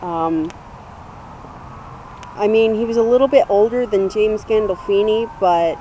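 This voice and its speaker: A young woman in her twenties talks slowly and loosely to her camera, her voice soft and mellow. She wanders through a story with plenty of fillers, earnest and unpolished, over a faint hum of background noise. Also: mid-range voice, highs cut off. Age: 20s. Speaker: vlogger. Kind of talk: casual tribute vlog.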